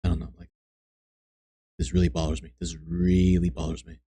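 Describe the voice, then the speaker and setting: A man streaming, chatting softly and bluntly with viewers on a close microphone, teasing and swearing. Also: low voice, monotone, normal speed, husky. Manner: blunt, profane, teasing chat. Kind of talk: soft-spoken ASMR stream chat. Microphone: close desk microphone.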